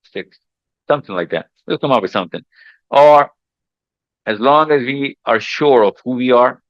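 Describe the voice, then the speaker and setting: A man's voice: medium pitch, a bit bright, no echo, dull audio. A man hosting a casual group chat with teenagers, teasing and reassuring them and often repeating himself. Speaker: mentor hosting a session with teenagers.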